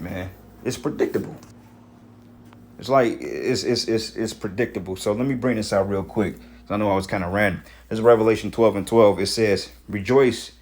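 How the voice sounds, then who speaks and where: Heated, profane man with low voice. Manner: profane and heated, slangy, many fillers. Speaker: commentator. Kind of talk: casual monologue commentary.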